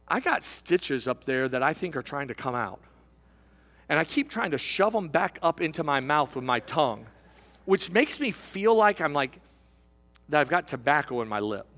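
Pastor at the pulpit, high-pitched male voice, emphatic and halting, long church reverb. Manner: emphatic preaching, halting repeats, shifting to quiet asides. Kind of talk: sermon. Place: church sanctuary, behind a pulpit.

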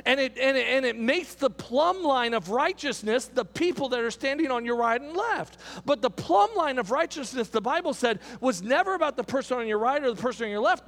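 A man's voice: very high-pitched, lively intonation, brisk, hardly any pauses, a bit bright, big-room sound. A man preaching a sermon as a pastor, emphatic and repetitive, building his points with rising intensity.

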